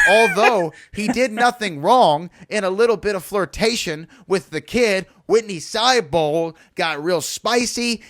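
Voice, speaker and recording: Animated, teasing male podcast host. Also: sits high. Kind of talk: casual chat.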